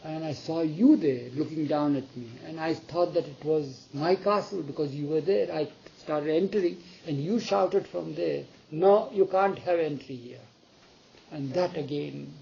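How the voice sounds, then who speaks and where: A man's voice: on the high side, measured pace, creaky, warm tone, muffled recording, slight background noise. A storyteller voicing a remorseful king who is shaken by a nightmare, speaking in a troubled, pleading way.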